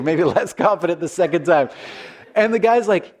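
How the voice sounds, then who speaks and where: A man's voice: sits high, moderate pace, a little mellow. A man preaching a conversational sermon as a pastor, telling stories in an earnest, folksy way with frequent restarts.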